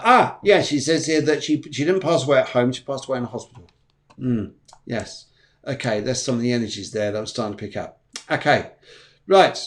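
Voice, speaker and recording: A man, a medium on a live stream, giving rambling, repetitive, reassuring readings. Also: medium pitch. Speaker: psychic medium.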